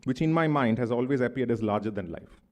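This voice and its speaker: A man's voice: mid-range voice, animated, quick pace, darkish tone. A man in his thirties with a Bengali accent, giving an academic conference talk in a thoughtful, discursive way with many asides. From India. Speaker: conference speaker. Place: conference hall.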